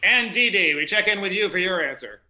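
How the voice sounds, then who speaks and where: A man's voice: high-pitched, expressive, fairly quick, sharp tone, reverberant, a little hiss or hum, low-quality recording. A man hosting a live comedy game show in a playful, teasing way.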